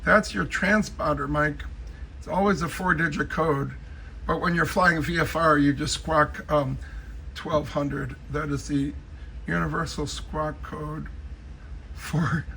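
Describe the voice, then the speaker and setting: A man's voice: a little high, fairly even intonation, a little slow, creaky, pushed and bright, slight background noise, low-quality recording. A man casually giving a rambling, joking tour of his cluttered space, talking straight to a friend.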